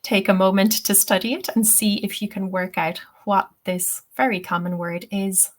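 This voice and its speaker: A woman's voice: medium pitch, flat delivery, normal speed. A woman teaching English-teacher trainees in a webinar, explaining patiently step by step and often saying "okay" and "um". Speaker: TEFL trainer.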